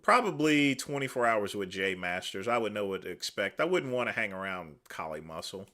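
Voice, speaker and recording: A man's voice: fairly low pitch, big pitch swings, a little fast, pushed and bright. A man hosting a livestream, giving casual dismissive commentary full of fillers. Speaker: livestream host.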